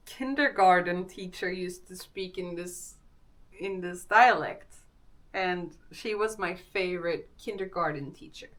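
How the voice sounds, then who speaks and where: Slow-talking Swedish-accented woman streamer. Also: on the low side, a bit bright. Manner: chatty, greets chat viewers, laughs often. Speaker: live streamer. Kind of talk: casual live-stream chat.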